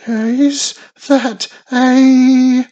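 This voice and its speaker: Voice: medium pitch, animated, slow, breathy edge, dull audio, heavily acted. A reader voicing a nervous, complaining young male wizard in a storybook, stammering and grumbling. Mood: wondering. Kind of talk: storybook reading.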